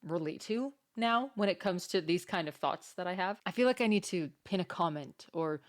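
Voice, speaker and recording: Giggly female reaction host, chatty and amused, slightly low voice. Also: animated, moderate pace. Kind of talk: casual reaction commentary.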